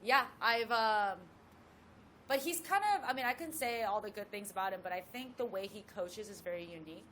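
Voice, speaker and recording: A woman's voice: medium pitch, a little hiss or hum. Chatty woman telling a golf story. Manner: lively storyteller, quick asides. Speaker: guest, pro golfer. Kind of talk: casual storytelling chat.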